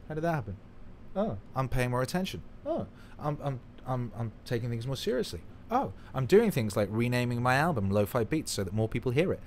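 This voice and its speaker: A man chatting on his own livestream, loose and excitable, cursing freely. He drops to a mumble, then bursts out loud and gushing. His voice sits at an ordinary middle pitch for a man. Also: a little fast, a little hiss or hum. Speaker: livestream host. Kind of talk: casual livestream chat.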